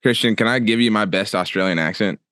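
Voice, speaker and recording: A man co-hosting a podcast, chatty and quick to laugh. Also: on the low side, a bit bright, dry recording, studio quality. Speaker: co-host. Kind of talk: casual podcast chat.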